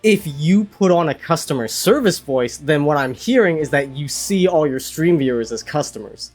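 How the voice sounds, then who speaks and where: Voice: mid-range voice, animated, moderate pace, a little mellow, soft background music. A podcast co-host in casual chat, teasing and arguing a point. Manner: teasing, argumentative.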